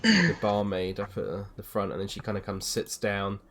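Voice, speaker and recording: A man's voice: fairly low pitch, normal speed. Man narrating as dungeon master. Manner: hesitant, many ums, relaxed. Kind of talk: narrating a tabletop game.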